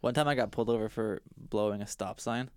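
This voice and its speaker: A man's voice: on the low side, quick pace, smooth, no echo. A young man casually telling a story to friends in a laid-back, dry way. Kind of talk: casual chat.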